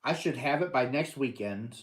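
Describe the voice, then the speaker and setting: A man's voice: medium pitch, lively intonation, moderate pace. An older man hosting a casual live stream, answering viewers and teasing them playfully, often laughing. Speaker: livestream host.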